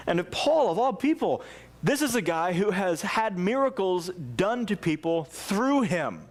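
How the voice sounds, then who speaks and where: A man preaching a sermon in a church as pastor, speaking earnestly and with feeling, often restarting his sentences. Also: high-pitched. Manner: earnest, impassioned, with frequent restarts.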